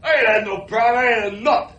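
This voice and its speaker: An actor playing a bitter, struggling boxer, shouting a tirade in a film scene. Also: male voice, extremely high pitch, fast, recorded from a distance, highs cut off. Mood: furious ranting. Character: bitter, struggling male boxer in his thirties. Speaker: film character. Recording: roomy film clip from afar with faint hiss.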